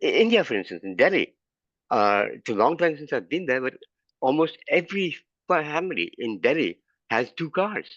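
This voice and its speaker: A man's voice: on the high side, sing-song, moderate pace, a bit bright, no room sound. A man in an online class making his point emphatically, repeating figures to drive them home. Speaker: class participant. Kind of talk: argumentative discussion. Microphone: video call. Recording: dull, dry video call audio.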